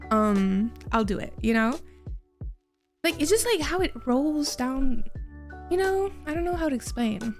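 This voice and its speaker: A young woman from Quebec, a native French speaker with a mild Quebec French accent, chatting casually with her stream viewers and laughing often. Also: sits high. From Quebec, Canada.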